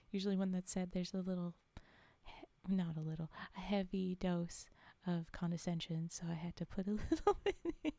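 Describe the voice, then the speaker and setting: A woman's voice: fairly low pitch, moderate pace, gravelly, warm tone, dry recording. A woman streamer reading a story aloud and reacting with playful, giggly asides.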